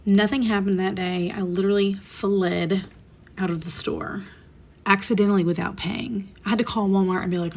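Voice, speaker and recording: Speaking at a moderate pace with fairly even intonation, this woman in her thirties has a mid-range voice with vocal fry. She shares a personal story as a vlogger in a casual storytime monologue, openly emotional and now and then whispering.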